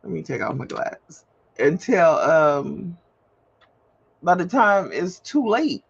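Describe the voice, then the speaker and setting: A woman's voice: fairly low pitch, very animated, slow, creaky, husky. A woman on a casual livestream, talking candidly and rambling, with emphatic repetition, while she prints paperwork at home. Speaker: livestream host. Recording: slightly dull livestream audio, faint hum.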